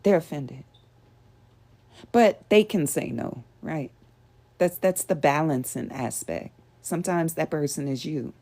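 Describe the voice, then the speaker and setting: A woman with a deep, mellow voice speaks unhurriedly as she hosts a show. She teaches spiritual principles to a live audience in an earnest, conversational manner, frequently posing rhetorical questions.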